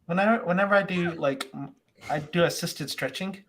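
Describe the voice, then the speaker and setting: A man's voice: sits high, moderate pace, fairly bright tone, low-quality recording. A man guest chatting casually on a livestream, a business owner who jokes.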